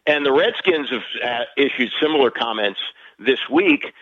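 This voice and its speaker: A man calling in as a guest over the phone, chatting about sports in a lively, conversational way. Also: mid-range voice, moderate pace, no echo. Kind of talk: casual sports talk. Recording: muffled phone line.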